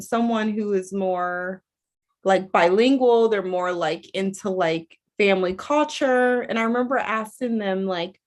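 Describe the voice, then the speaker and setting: A woman coach talking casually to viewers in a rambling, chatty way, full of fillers and restarts. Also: mid-range voice. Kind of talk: casual livestream talk.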